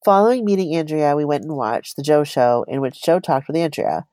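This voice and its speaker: A woman's voice: deep voice, animated, fairly quick, warm tone, no room sound. A woman co-hosting a podcast, reading a personal story aloud in a chatty, giggly way.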